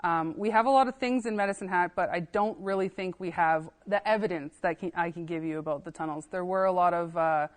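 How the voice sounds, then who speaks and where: Animated woman telling archive anecdotes. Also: lowish voice, brisk, hardly any pauses. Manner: lively anecdotes, acts out dialogue; frequent laughs and fillers. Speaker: assistant archivist, guest. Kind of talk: casual podcast storytelling.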